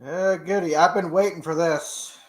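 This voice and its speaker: A man co-hosting a casual livestream chat, wry and animated. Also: on the high side, moderate pace. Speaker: co-host.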